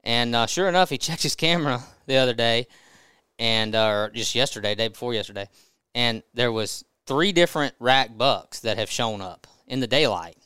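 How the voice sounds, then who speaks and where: A man's voice: mid-range voice, normal speed, bright, forceful tone, smooth, dry recording. A man casually telling a funny hunting story as a podcast guest, laughing as he goes.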